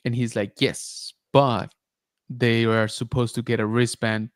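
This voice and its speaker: Man podcast host, mid pitch, loose storytelling, dead dry close mic. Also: measured pace, no echo. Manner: animated retelling, many filler likes and rights. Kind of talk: casual storytelling chat.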